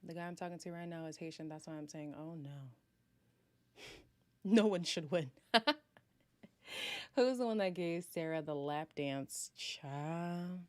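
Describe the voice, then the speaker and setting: A woman's voice: sits low, unhurried, long pauses, no room sound. A woman hosting a casual livestream, reading and answering viewer chat, chatty and self-mocking and laughing often.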